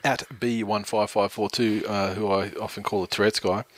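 A man's voice: fairly low pitch, level tone, normal speed, a bit bright. An Australian man co-hosting a casual sports podcast, rambling and swearing with lots of restarts. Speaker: podcast co-host.

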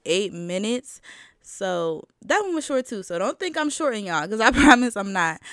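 A woman's voice: mid-range voice, no echo, studio quality. A woman vlogger giving a casual, emphatic motivational talk, addressing her listeners directly in slangy speech and repeating her points for stress.

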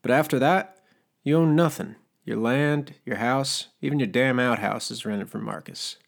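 A man doing a gravelly, scheming scarred cook. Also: mid-range voice, moderate pace, natural voice. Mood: sly. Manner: sly, needling and cajoling. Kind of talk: audiobook character voice.

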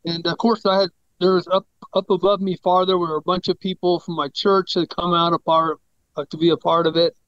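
A man's voice: high-pitched, little pitch movement, fairly quick, fairly bright tone, no room sound, dull audio. A middle-aged man, a pastor, telling a personal story in a rambling, casual way, correcting himself and acting out the voices he quotes.

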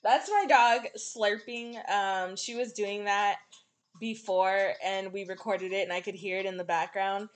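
A woman's voice: medium pitch, steady tone, a little slow. A woman hosting a podcast, chatting in a crude, giggly, rambling way. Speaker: podcast host. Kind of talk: casual chat.

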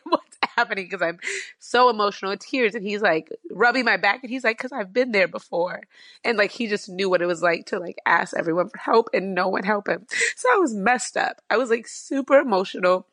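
A woman in an interview, telling a personal story in an earnest, fast-flowing way with many fillers. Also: medium pitch, a bit bright, no echo, studio quality. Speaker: guest.

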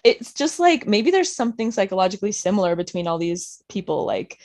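A woman's voice: mid-range voice, sing-song, a little fast, a little mellow. A woman co-hosting a podcast, telling stories in a chatty, giggly way. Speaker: podcast co-host. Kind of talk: casual chat.

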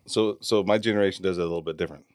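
A man's voice: sits low, very fast, dry recording, clean studio sound. An older man who is a guest at a casual bourbon tasting chat, teasing and boisterous.

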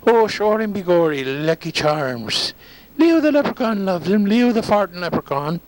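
A man doing a squeaky goofy leprechaun. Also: big pitch swings, normal speed, low-quality recording. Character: squeaky silly male leprechaun.

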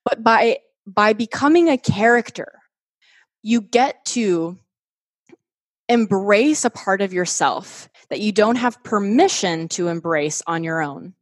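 A woman's voice: mid-range voice, expressive, slow, no room sound, studio quality. A woman guest on a podcast, talking in a chatty, enthusiastic way with many filler words. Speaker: podcast guest and host of her own show. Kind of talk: casual podcast conversation.

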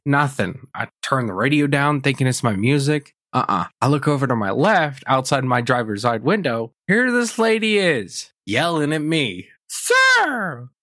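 A young man rants on his podcast in a blunt, animated voice full of swearing. His pitch sits in the middle of the range. The sound is dry and close, with no room echo. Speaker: podcast host. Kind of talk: casual storytelling rant.

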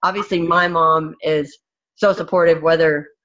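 A woman's voice: low voice, fairly even intonation, moderate pace, fairly bright tone, muffled recording. A woman fighter speaking bluntly and frankly in a candid interview, swearing freely.

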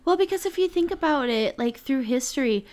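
A woman co-hosting a podcast, speaking in a thoughtful, measured way. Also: high voice, animated, darkish tone. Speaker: podcast co-host. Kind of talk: casual podcast chat.

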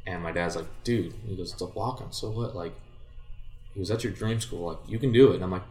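A young man with a very low-pitched voice tells a long rambling story, slipping into quoted dialogue as he goes. The room echoes around him. It sounds like a relaxed, casual conversation. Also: quick pace. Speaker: guest, former baseball player.

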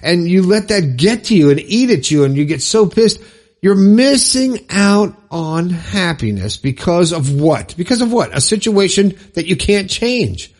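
A man's voice: high voice, lively intonation, measured pace. A man giving an earnest, rambling motivational talk to listeners, often repeating himself. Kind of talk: motivational monologue.

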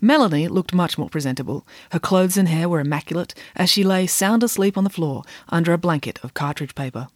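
A woman's voice: on the low side, brisk, hardly any pauses, no echo, studio quality. A woman reading a children's storybook aloud expressively.

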